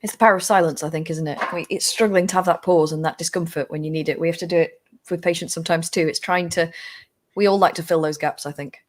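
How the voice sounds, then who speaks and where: A woman clinician on a podcast, speaking reflectively and giving frequent soft affirmations. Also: on the low side, fairly even intonation, fast. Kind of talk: podcast conversation.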